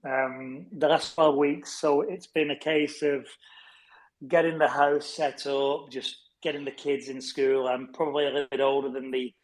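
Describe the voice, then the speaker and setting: A man's voice: mid-range voice, flat delivery, normal speed, rough recording. A man from Wigan with a northern English accent, a chatty interview guest who calls everyone mate. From Wigan, Greater Manchester, England. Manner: chummy, says mate and buddy a lot, chatty. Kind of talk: casual online interview chat.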